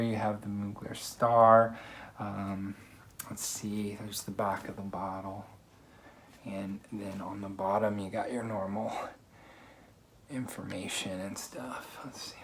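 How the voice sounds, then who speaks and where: A man's voice: on the low side, flat delivery, measured pace, fairly bright tone, a little hiss or hum. Chatty man unboxing on camera at home. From United States. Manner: chatty, upbeat, many fillers. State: slightly out of breath. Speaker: fragrance reviewer. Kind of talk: casual unboxing vlog. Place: quiet room at home.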